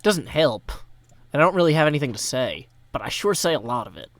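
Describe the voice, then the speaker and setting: This livestreamer from Tennessee jokes and rambles as he plays, pausing to thank donors. His slightly high voice swings widely in pitch and moves fairly quickly, with no echo.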